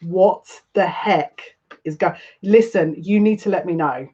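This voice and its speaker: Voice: medium pitch, a little slow, slightly rough. Tarot reader, all emotional and breathless, keeps restarting, kinda muffled lo-fi sound. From United Kingdom. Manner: overwhelmed and emotional, breathless excitement, rambling restarts. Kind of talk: collective tarot reading. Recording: slightly muffled lo-fi audio.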